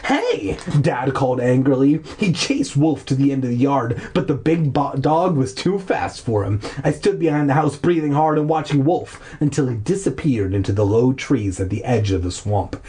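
A man's voice: mid-range voice, moderate pace, few pauses, dark tone, slightly rough. A man casually reading a children's novel aloud, irreverent and laughing at his own slips. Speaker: reader of a children's horror novel. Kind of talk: casual audiobook reading with jokey asides.

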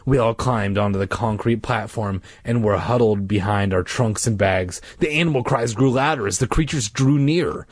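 A man's voice: lowish voice, moderate pace, few pauses, husky, no echo. A man casually reading a spooky children's book aloud, dramatizing it and slipping in joking asides. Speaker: reader.

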